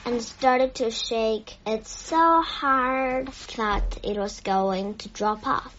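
A woman narrating a children's storybook in a gentle, measured way. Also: a little high. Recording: dull lo-fi, faint music behind.

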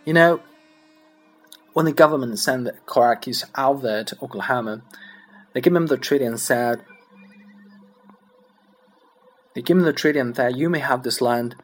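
A man whose first language is Chinese, reading a comic monologue aloud in English with a lively storytelling delivery. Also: mid-range voice. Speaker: English learner practicing accents.

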